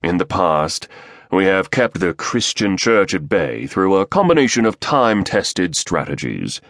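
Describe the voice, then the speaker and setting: A smug, scheming British conspirator with a deep baritone, as a man plays him, laying out sinister plans in a measured, sneering delivery. The voice sits dry and close, and his pitch swings widely as he leans into each point. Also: sing-song, a bit bright, no room sound, heavily acted.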